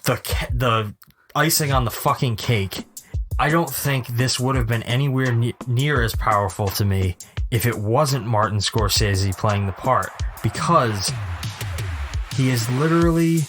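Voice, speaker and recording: A man with a mid-pitched voice talks enthusiastically as a podcast co-host at home. He stresses his points hard and swears now and then. Music plays clearly behind him. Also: unhurried. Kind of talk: casual chat. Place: home apartment.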